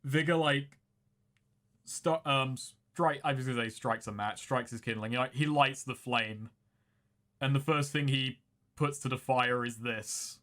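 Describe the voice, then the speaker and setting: Male player, mid-pitched, loose rambling delivery. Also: unhurried, fairly bright tone. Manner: rambling, many likes and ums. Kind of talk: casual tabletop play.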